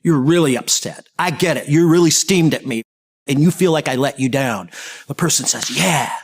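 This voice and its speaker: A man with a slightly higher voice delivers a training talk on listening skills. He tells anecdotes with a humorous touch and keeps his asides lively. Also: moderate pace. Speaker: communication trainer.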